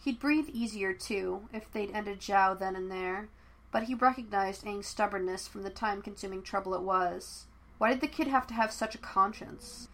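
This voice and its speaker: A woman narrating fan fiction as an audiobook, telling the story in a steady, even way. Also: medium pitch, moderate pace.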